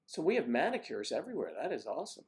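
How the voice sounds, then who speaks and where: An older man hosting a casual livestream, chatting warmly with viewers by name and rambling through stories. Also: a little high, very animated, rapid-fire. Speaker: livestream host reading viewer comments. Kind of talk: casual chat.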